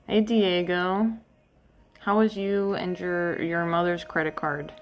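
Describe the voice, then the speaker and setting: A woman's voice: lowish voice, fairly even intonation, slow. A young woman streamer chatting casually and rambling while dog sitting at someone's house. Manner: chatty, rambling, self-talk with fillers. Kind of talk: casual live-stream chat.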